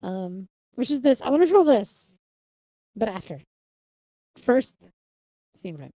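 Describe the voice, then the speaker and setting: Young female streamer, casual and rambling with frequent giggles, slightly high and soft-toned voice. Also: big pitch swings, slow, no echo. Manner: rambling, self-interrupting, giggly. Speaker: livestreamer. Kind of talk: casual live stream chat.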